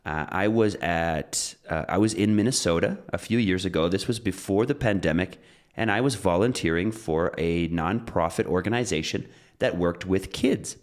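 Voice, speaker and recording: Deep-voiced man teaching pronunciation. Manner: relaxed, explains with examples and repeats phrases. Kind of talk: casual spoken lesson.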